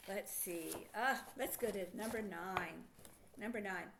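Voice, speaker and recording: A middle-aged woman teaching a children's phonics lesson, sounding out words slowly and asking encouraging questions. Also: mid-range voice, noisy background.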